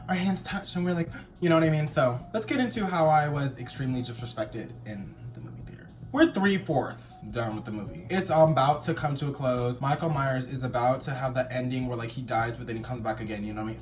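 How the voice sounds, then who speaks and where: A young man tells a story with a sassy, campy flair, his voice bright and pitched a little high. His delivery swings widely in pitch, and he breaks into dramatic shouts for emphasis, with faint music behind him. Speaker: vlogger. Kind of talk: storytime vlog.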